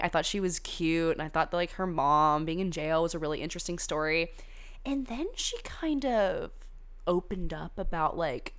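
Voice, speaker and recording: Chatty, profane young woman gossiping. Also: low-pitched. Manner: chatty, gossipy and profane, frequent "like" fillers and tangents. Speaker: podcast host reviewing a reality dating show. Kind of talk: casual chat.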